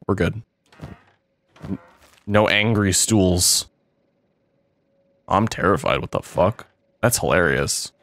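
A young man commenting on his own playthrough of a game, reacting excitably and swearing freely, with sudden yelps. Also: low-pitched, dry recording. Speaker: gamer playing a modded game. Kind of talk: let's play commentary.

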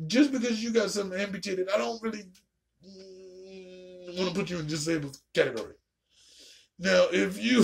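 A woman ranting casually and profanely while reacting to a show, with a raspy, gravelly voice. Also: medium pitch, expressive, measured pace, pauses often. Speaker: video reactor.

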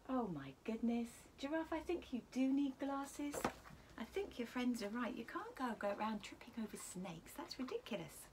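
A woman teacher reading a picture book to children, animated, asking them questions and often dropping to a whisper. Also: on the high side, moderate pace, a little hiss or hum.

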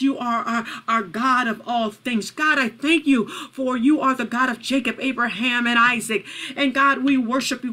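A woman pastor greeting viewers, then praying fervently and repetitively, at times tearful and shouting. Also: sits high. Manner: fervent, rising into shouted prayer; repetitive, halting with fillers. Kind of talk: livestreamed prayer and testimony.

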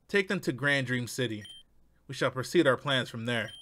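A man's voice: mid-range voice, animated, moderate pace, bright, forceful tone, pitched below the performer's own voice. A man reading a stern male villain team leader's lines in a cold, threatening way. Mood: menacing.

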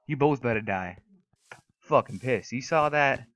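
A young man giving casual, excitable gameplay commentary, trash-talking opponents and swearing often. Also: medium pitch, measured pace. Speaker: gaming YouTuber. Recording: noisy recording with mouse and keyboard clicks.

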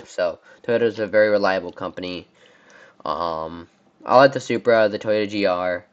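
A young US man who reviews cars talks casually about a tier list of brands, rambling and often tripping on the names. He speaks in a low voice, captured with lo-fi sound.

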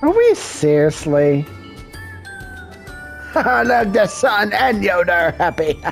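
A man with a high, gravelly voice reacts to a game video in crude commentary. He talks slowly, mocks and curses freely, and breaks into laughter often. Faint music plays under him. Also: big pitch swings. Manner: profane, mocking, laughing often.

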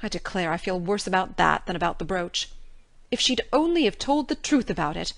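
A woman's voice: fairly low pitch, big pitch swings, fairly quick, creaky. A woman playing a stern, blunt middle-aged spinster in an audiobook drama, speaking in firm, clipped scolding tones. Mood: indignant.

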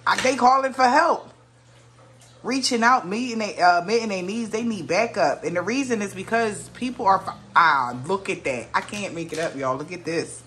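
This tarot reader speaks at a moderate pace in a medium, slightly bright voice. Reading cards casually for her viewers, she thinks out loud, frequently exclaims, and leaves sentences unfinished.

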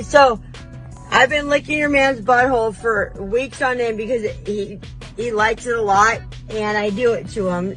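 A woman delivering a comedic confessional rant, brash, defiant and oversharing, with breathy laughs breaking in between lines. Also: a little high, fairly bright tone, poor audio. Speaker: vlogger.

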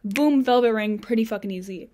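A breathless young woman talks casually to the camera from her dorm room, her pitch sitting a little high. She rambles and fills the gaps with lots of "like" and "um". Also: a little fast, warm tone. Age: young adult. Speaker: college student vlogger. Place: dorm room on a college campus.

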